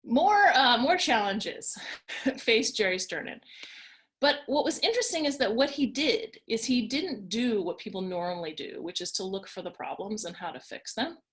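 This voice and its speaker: A woman's voice: on the high side, lively intonation, moderate pace, fairly bright tone. A woman presenting an online workshop from her home, talking in an upbeat, conversational way and telling stories. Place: home in Washington, D.C.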